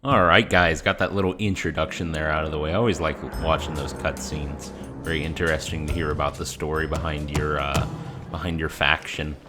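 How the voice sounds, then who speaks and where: Deep-voiced man narrating his gameplay. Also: fairly even intonation, fairly quick, music in the background. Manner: chatty, explains as he plays, many "uh" fillers. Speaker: gaming channel host. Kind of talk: casual game commentary.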